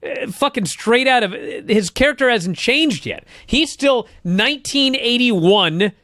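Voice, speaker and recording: High-pitched, swearing, exasperated man. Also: lively intonation, unhurried, bright, forceful tone, no echo, studio quality. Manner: profane, exasperated ranting. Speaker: podcast co-host. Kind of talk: casual chat.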